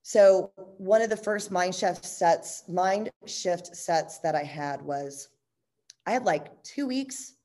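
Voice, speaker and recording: A woman candidly telling a personal story in a blunt, profane, animated way, full of "like" and "you know," and quick to laugh. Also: fairly low pitch.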